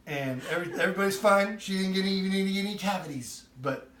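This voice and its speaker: Baking on his home cooking show, this man relates a humorous family story in a high-pitched voice at a quick pace. His delivery is that of a lively comic storyteller giving a cooking demonstration with an anecdote. The kitchen audio is echoey and distant, with slight background noise.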